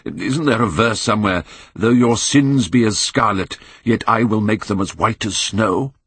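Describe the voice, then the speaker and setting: A man gives voice to a horrified, devout middle-aged painter who pleads and cries out in dismay. The voice is low and husky, recorded close and dry like an audiobook. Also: a little slow, a bit bright, no room sound, full character voice. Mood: pleading. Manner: pleading and aghast, rising to cries. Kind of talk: audiobook character reading.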